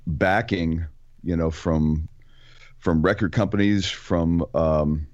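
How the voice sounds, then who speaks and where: A man co-hosting a podcast, chatting casually and deliberately, pausing to search for words. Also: deep voice, fairly even intonation, darkish tone, no echo, highs cut off. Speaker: podcast co-host. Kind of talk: casual interview chat.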